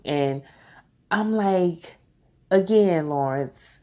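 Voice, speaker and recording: A woman's voice: deep voice, lively intonation, measured pace, mellow. A woman giving a blunt, exasperated casual recap of a reality show, swearing as she talks.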